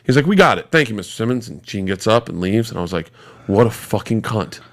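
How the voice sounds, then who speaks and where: A man in his forties, a podcast guest, tells a rapid, swear-filled anecdote in casual conversation. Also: lowish voice. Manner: animated, profane, rapid-fire storytelling.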